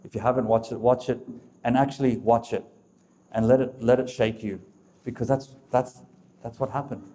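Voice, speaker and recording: Man, speaker of a religious talk, mellow voice, emphatic and direct with the crowd. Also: mid-range voice, steady tone, normal speed, a little hiss or hum. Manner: emphatic, repetitive, addresses the audience directly. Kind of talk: preaching talk to a live audience.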